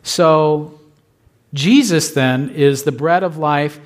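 Speaking slowly in a slightly high voice, a male pastor delivers an emphatic sermon built on repetition. He regularly checks in with his listeners by asking "right?"

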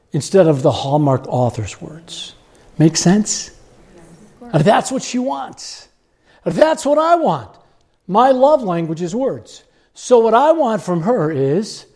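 A man preaching a sermon with animated storytelling, chuckling often as he talks. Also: a little high.

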